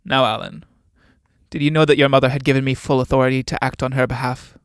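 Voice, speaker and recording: A man's voice: medium pitch, level tone, dry recording, clean studio sound, close to an everyday voice. Man playing a domineering old captain. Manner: measured, commanding, condescending. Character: older military captain, domineering and cold.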